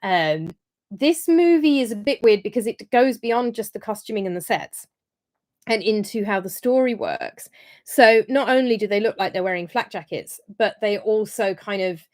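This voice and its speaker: Woman, livestream host, casual review, chatty, rambling, lots of ums, middle pitch. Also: big pitch swings, normal speed.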